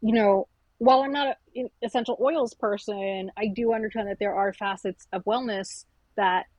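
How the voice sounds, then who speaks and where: Candid, animated woman author storyteller. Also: mid-range voice, normal speed, dry recording, low-quality recording. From South Asian family. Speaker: author being interviewed. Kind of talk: conversational interview.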